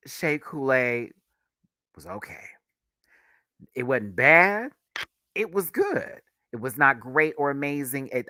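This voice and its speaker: A young man hosting a casual review video, talking in an animated, sassy way with frequent laughter. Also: medium pitch, no room sound. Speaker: reaction video host.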